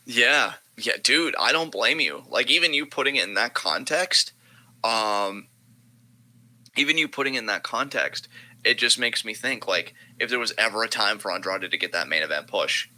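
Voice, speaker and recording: A man's voice: fairly low pitch, lively intonation, normal speed, sharp tone, low-quality recording. A man co-hosting a wrestling podcast in casual chat, emphatic and profane, repeating phrases for punch.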